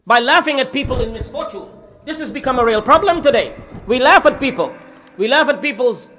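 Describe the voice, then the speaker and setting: A man's voice: very high-pitched, lively intonation, fairly quick, bright, forceful tone, slight background noise. A man giving an earnest, explanatory religious lecture, quoting Arabic scripture as he teaches. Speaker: Islamic lecturer.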